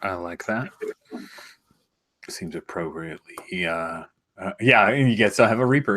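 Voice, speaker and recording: A man running a tabletop role-playing game, explaining the setting in an animated way and sometimes dropping to a hushed whisper. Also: lowish voice, a little slow, pauses often. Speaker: game master.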